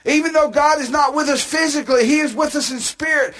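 A man preaching a sermon, with an emphatic delivery that builds to shouted climaxes and drawn-out phrases. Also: very high-pitched.

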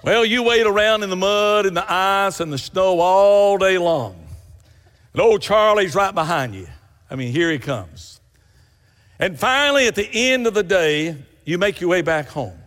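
A man's voice: high-pitched, expressive, moderate pace, a bit bright, in a large hall. A man preaching a sermon, telling folksy stories with rising emphatic bursts.

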